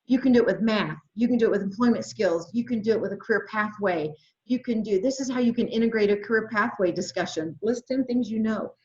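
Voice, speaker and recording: A woman leading an adult education webinar, talking to teachers with lots of excitement and reading chat replies aloud over a computer microphone. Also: mid-range voice, fast talker. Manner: enthusiastic, exclamatory, reads chat aloud. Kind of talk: webinar presentation. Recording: roomy, slightly dull webinar audio.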